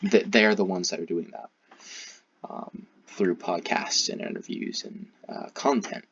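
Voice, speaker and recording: A man giving critical commentary in a halting, hesitant way, with frequent restarts. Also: sits low, gravelly, a bit bright, breathy edge. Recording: dull, muffled recording.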